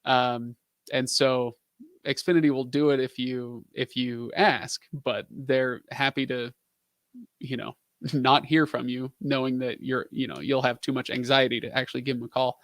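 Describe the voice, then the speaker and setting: A man in his thirties chats his way through viewer questions on a live stream, rambling from topic to topic with plenty of fillers. His voice sits at a middle pitch. The sound is dry and close, with no room echo. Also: steady tone, unhurried, fairly bright tone. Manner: chatty, rambling, with frequent fillers and asides. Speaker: livestream host answering viewer questions. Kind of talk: casual live-stream chat.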